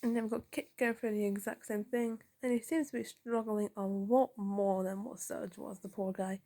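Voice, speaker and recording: A woman's voice: medium pitch, level tone, moderate pace, mellow. A woman giving a casual comic book review, recapping the panels and reading the dialogue aloud.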